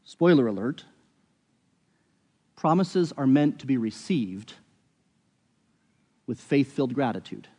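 A man's voice: medium pitch, expressive, slow, pauses often, dark tone, husky, in a large hall. A man preaching a sermon, earnest and explanatory, often correcting himself mid-thought as he walks through a scripture passage. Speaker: pastor.

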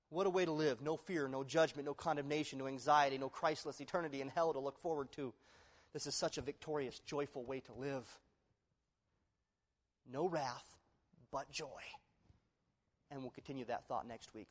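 A male pastor preaching a sermon, moving between loud, emphatic declarations and quiet, hushed appeals to the congregation. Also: medium pitch, normal speed, long pauses. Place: church sanctuary. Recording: long reverb of a large hall.

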